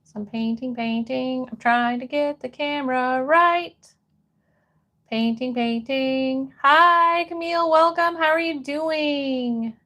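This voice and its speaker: A woman's voice: high-pitched, unhurried, pushed and bright. A woman from Florida hosting a casual livestream, reading viewer messages aloud and answering them as she paints. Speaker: livestream host.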